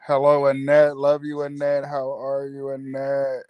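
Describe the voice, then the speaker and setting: A man hosts a casual live stream, calling out viewers one by one with easy affection. His voice sits at an ordinary middle pitch. His talk rambles, full of fillers and quick laughs. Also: monotone, clear, resonant tone, no room sound, highs cut off. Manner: greets viewers by name, chatty and affectionate. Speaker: livestream host.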